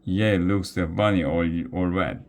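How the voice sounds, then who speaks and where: A man's voice: deep voice, a little slow. A man voicing a simple, growly green troll who talks in broken phrases.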